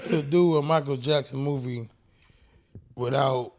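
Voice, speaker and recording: A man co-hosting a casual podcast, thinking aloud with halting restarts. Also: medium pitch, steady tone, a little mellow. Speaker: podcast co-host. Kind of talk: casual chat.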